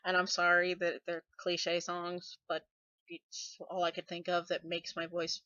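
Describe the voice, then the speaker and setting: A woman's voice: on the low side, monotone, a little slow, sharp tone, no echo. A Scottish woman talks into her webcam in a loose, rambling way, full of sarcastic, self-deprecating asides. Her voice often gets taken for a man's. The sound is dull and dry, like a cheap home webcam mic. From Scotland. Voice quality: voice others mistake for a man's. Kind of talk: casual webcam vlog, rambling.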